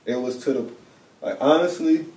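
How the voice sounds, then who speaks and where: A young man talks in a casual, earnest way and leans on fillers. His voice is mid-pitched and mellow. The sound is roomy and picked up from a distance. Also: normal speed. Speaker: interviewer, son of a late drummer. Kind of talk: casual interview chat.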